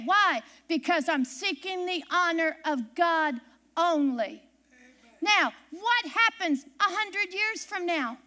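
A woman delivering a sermon in a high, bright voice. She speaks with emphasis and circles back to repeat her main lines, leaning on them for weight. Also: expressive, slow. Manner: emphatic, repeats key phrases. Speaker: preacher.

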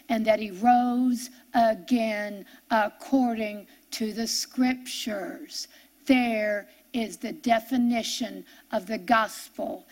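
A middle-aged woman preaching a sermon and telling a personal testimony, fervent and building to impassioned peaks before dropping soft and slow. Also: fairly high pitch.

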